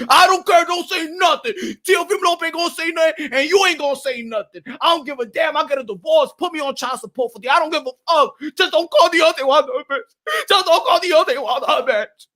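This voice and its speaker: A stubborn husband stammers and swears as he defends his idol, as a man puts him on. His voice is high and bright, and he won't back down. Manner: defiant, stammering. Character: defensive male boxing fan husband.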